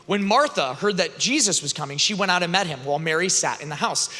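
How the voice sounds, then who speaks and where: A man's voice: on the high side, fast talker. A man speaking at a youth conference, retelling a scripture story with humor and acting out the characters. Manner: animated, joking, acts out characters. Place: large conference hall. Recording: long reverb of a large venue.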